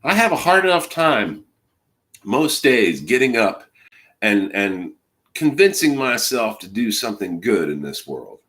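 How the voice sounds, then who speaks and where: A man in his forties, fighting off a cold, streams an angry and rambling rant full of swearing. His voice has a bright, forceful edge. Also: lowish voice, big pitch swings, a little slow. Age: 40s. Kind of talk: ranting monologue to camera.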